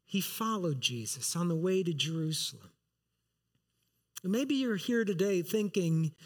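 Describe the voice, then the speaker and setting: A man's voice: high-pitched, lively intonation, unhurried. A man preaching an earnest sermon as pastor, reading scripture aloud and driving his points home with emphasis.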